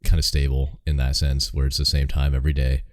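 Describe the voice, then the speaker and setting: Blunt, profane male co-host, very low and mellow voice, dry close sound. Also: little pitch movement, fairly quick, no room sound. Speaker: podcast co-host. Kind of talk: casual chat.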